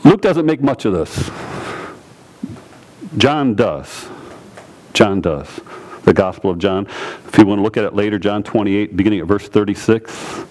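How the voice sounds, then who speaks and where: A man preaching a sermon, teaching through a scripture passage and repeating phrases for emphasis. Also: medium pitch. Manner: animated, repeats phrases, quotes scripture in character.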